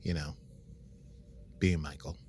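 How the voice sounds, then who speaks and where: A man co-hosting a podcast in casual chat, talkative, animated and self-deprecating. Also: a bass voice, takes it slowly, breathy edge, faint music behind. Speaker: podcast co-host.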